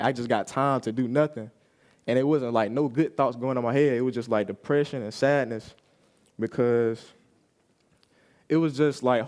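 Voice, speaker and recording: A man's voice: medium pitch, darkish tone. A young man giving a personal testimony at a youth service, telling his story casually and acting out what people said.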